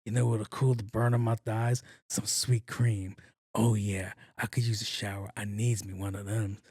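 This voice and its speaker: A man putting on an exaggerated, suggestive low voice, hammy and over-the-top seductive. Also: little pitch movement, normal speed, a little mellow, slightly rough, dry recording, studio quality. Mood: sultry.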